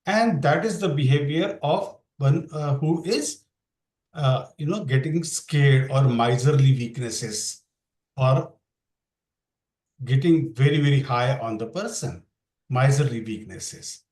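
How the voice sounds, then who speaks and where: A man's voice: medium pitch, slow, darkish tone, echoey room, rough recording. A man teaching a scripture class online, explaining verses and asking his students questions. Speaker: Bhakti yoga teacher.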